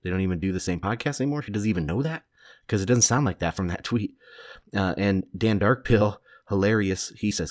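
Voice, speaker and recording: Deep-voiced blunt podcaster, dry sound. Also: male voice, lively intonation, normal speed, darkish tone, no room sound. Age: 30s. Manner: blunt, opinionated, swears, rambling with restarts. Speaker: podcast host. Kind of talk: solo commentary podcast.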